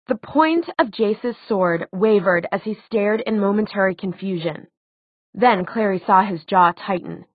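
A woman's voice: mid-range voice, expressive, normal speed, no room sound. Woman narrating an audiobook on a tinny line. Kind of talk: scripted narration. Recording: tinny phone-like dry sound.

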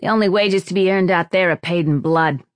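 A man's voice: high-pitched, a little fast, no room sound, pitched above the performer's own voice, natural voice. A man voicing a tough, cynical female mercenary in an audiobook. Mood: scornful. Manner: cynical, scornful.

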